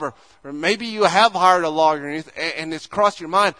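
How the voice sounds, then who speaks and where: A man's voice: fairly high pitch, fairly quick, hardly any pauses, bright, forceful tone. A male pastor preaching a conversational sermon, acting out imagined dialogues as he goes.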